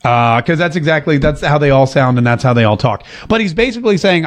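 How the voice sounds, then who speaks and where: A man's voice: a little high, very animated, fairly quick, hardly any pauses. A man hosting a political podcast, delivering an opinionated monologue and repeating phrases for emphasis. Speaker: political commentary host. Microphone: seated at a desk mic.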